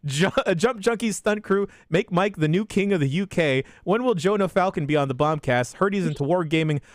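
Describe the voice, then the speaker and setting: A man hosting a podcast, reading a rapid list of listener shout-outs in a deadpan way with crude jokes. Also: no room sound, clean studio sound. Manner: deadpan delivery with sudden pitch jumps and crude jokes.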